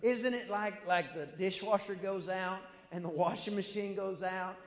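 High-pitched male pastor preaching in a big reverberant church and acting out the story's voices. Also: normal speed. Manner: animated storytelling, voices quoted characters. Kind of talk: sermon. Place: church sanctuary. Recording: echoey church hall.

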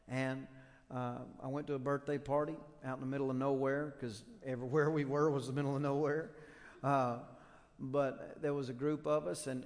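A male pastor preaching a sermon, telling stories and rising into loud, impassioned preaching. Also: medium pitch, long reverb tail. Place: church sanctuary.

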